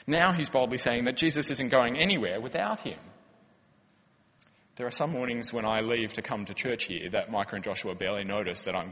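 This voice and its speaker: A pastor delivers a sermon in a church hall, earnest and conversational, posing rhetorical questions. His medium-pitched voice has a fairly bright tone, and the room adds a long reverb.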